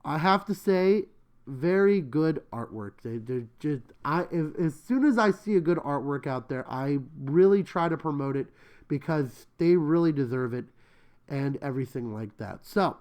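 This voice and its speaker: A podcast host in casual commentary who rants excitably, with slang and emphatic repetition. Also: medium pitch, moderate pace. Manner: slangy, chatty.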